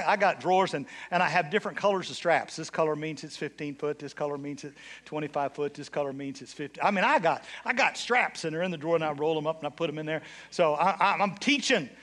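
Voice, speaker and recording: Older preacher with a high, bright voice. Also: male voice, brisk. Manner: storytelling preacher swinging between hushed and shouted. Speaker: bishop. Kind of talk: sermon. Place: church.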